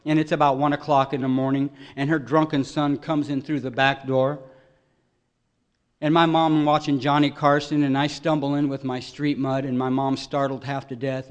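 A man giving an earnest, emotional personal testimony at a recovery meeting, voice swelling loud at its peaks. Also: medium pitch.

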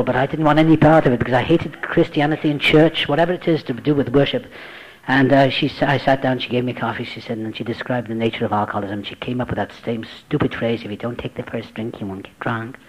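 A man telling his recovery story to a group, acting out the voices he quotes and dropping to a hush at tense moments. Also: medium pitch, low-quality recording. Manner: dramatic, acts out quoted voices, drops to hushed tones. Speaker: speaker sharing a recovery story. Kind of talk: personal testimony, storytelling.

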